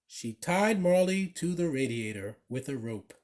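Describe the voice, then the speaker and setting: A man reads a children's picture book aloud in an expressive, animated storyteller's voice. His pitch rides a little high and swings widely from line to line. He takes an unhurried pace. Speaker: storybook reader.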